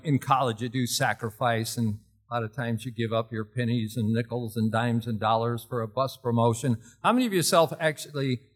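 Older guy preaching, bright voice, animated stories, laughs a lot, gets loud. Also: mid-range voice. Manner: animated, laughs often, jumps to shouting. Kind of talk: storytelling sermon.

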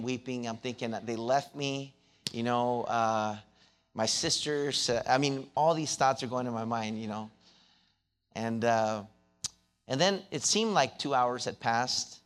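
A man preaching a sermon, telling a childhood story and then building into loud, rising exhortation with many repeated words and restarts. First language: not English. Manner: restarts and repeated words, grows louder and higher when preaching.

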